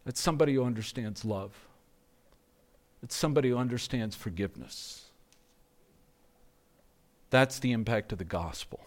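A man preaching a sermon in a slow, measured way, letting phrases drop to a hush at their ends. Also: fairly low pitch. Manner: slow, measured preaching, softening to hushed endings. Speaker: pastor.

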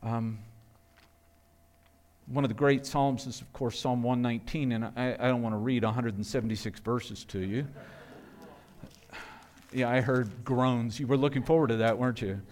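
A man's voice: mid-range voice, steady tone, normal speed, pauses often, darkish tone. A middle-aged male pastor preaching a sermon with earnest rhetorical questions, often restarting his words.

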